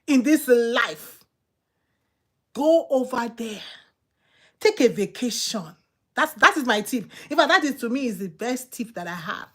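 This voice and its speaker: A woman's voice: a little high, animated, measured pace, pauses often, a bit bright. A woman with a Nigerian accent, hosting a channel and giving casual, emphatic advice that she repeats for effect. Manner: emphatic, repetitive, preachy. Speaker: channel host.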